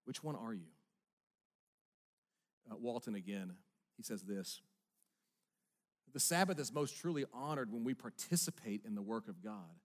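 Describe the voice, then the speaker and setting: A middle-aged man preaching a sermon in an earnest voice, moving between hushed, quiet lines and emphatic ones. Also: on the low side, lively intonation, normal speed. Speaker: pastor.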